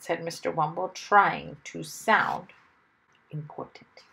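A woman reading a children's story aloud in an expressive, animated storytelling manner. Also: mid-range voice, a little slow, creaky.

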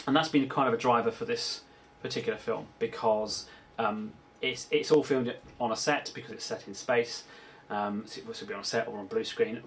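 A man's voice: medium pitch, fairly even intonation, moderate pace, a bit bright. A British man giving a casual video diary as a film producer, rambling with many ums and restarts. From United Kingdom. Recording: distant mic with faint background hiss.

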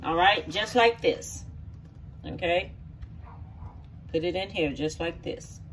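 A woman's voice: fairly low pitch, slow pace, a bit bright, far from the mic, a little hiss or hum. A middle-aged woman from the country, talking viewers through a recipe in her home kitchen in a homey, folksy way. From rural area. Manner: folksy, talks viewers through each step. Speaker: home cook. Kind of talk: casual cooking demonstration.

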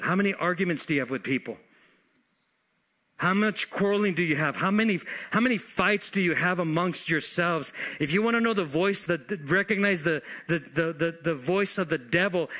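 A man preaching a sermon, calling for responses from the congregation and shifting his pace and loudness. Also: high voice. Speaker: pastor.

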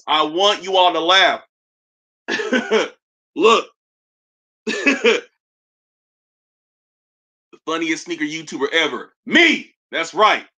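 Man, high and bright, livestream host doing loose comedic roast commentary. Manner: trash-talking, joking, loose and laughing.

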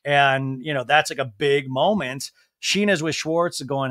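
A podcast host, a man, talks through a reality show episode for laughs. His voice sits high, and he slips into exaggerated impressions of the cast. The sound is dry and close. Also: a little slow, hardly any pauses, no room sound. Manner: animated, jumps into campy impressions of the cast. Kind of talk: comedic TV recap.

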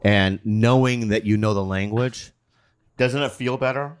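A man's voice: lowish voice, a little slow, clear, resonant tone. A man co-hosting a podcast, teasing his guest with leading questions in laid-back banter. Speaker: podcast co-host. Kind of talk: casual banter.

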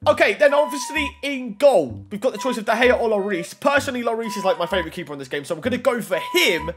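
Excitable young gamer, high lively voice. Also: male voice, quick pace, over music. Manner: excitable, talks to the game and viewers. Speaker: gaming YouTuber. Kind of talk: gameplay commentary.

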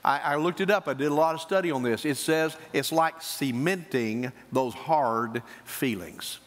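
A male pastor preaching a sermon, swinging between emphatic high points and quieter asides. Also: a little slow. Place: church sanctuary. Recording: church hall reverb.

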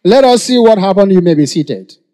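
A man with a Nigerian accent preaching a sermon to a congregation, calling for responses and shouting. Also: sits high, animated, a little fast. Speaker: pastor. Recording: long hall reverb.

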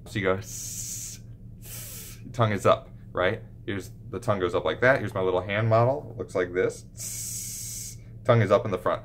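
A pediatric speech therapist with a lowish voice talks quickly to camera, explaining and demonstrating speech sounds. He acts out sounds and lisps through exaggerated examples, with slight background noise in the recording.

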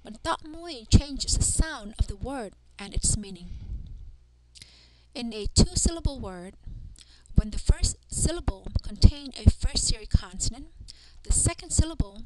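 A woman teaching a language lesson, carefully sounding out letters and words one at a time. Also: on the high side. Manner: careful, deliberate pronunciation of drilled sounds. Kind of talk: slow instructional language lesson. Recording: noticeable background noise.

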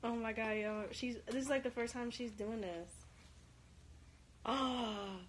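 A woman livestreaming at home with her baby, coaxing her in gentle baby talk and openly emotional. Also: fairly high pitch, steady tone, moderate pace, a little hiss or hum. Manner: emotional, easily moved. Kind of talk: casual live stream talk.

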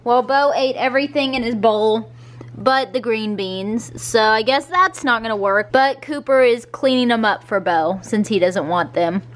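Young woman, casual lifestyle vlogger, bright chatty delivery, slightly high voice. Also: moderate pace. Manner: chatty, talks baby-talk to her dogs. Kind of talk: casual vlog narration.

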